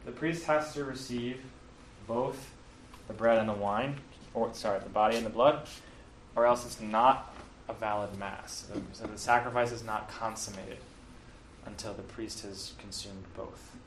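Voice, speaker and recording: This is a man teaching about the Mass in a casual explanatory style, stumbling through fillers and fixing his own words. He speaks a little slowly in a lowish voice with fairly even intonation. Picked up from afar in a roomy space, the clip has faint ambience and slight background noise.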